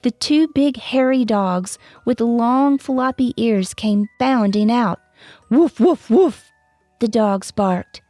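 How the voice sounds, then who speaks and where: A woman narrating a children's bedtime storybook in a gentle read-aloud manner, giving the characters light voices. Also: on the high side, slow, few pauses, dry recording, faint music behind. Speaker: storyteller and author.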